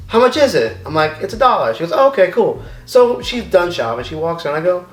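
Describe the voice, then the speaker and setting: Fast, animated New man telling stories. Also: sits high, roomy sound. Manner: animated, acts out dialogue, swears casually. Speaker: record shop co-owner, guest. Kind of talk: casual storytelling chat.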